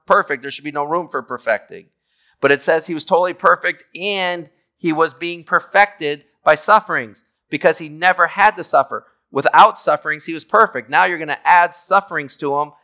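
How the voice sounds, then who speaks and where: A man's voice: a little high, pushed and bright. A man teaching a theology class in a conversational way, reading scripture aloud and explaining it, often checking in with "okay?". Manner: reads scripture aloud, then explains it plainly. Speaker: Bible teacher.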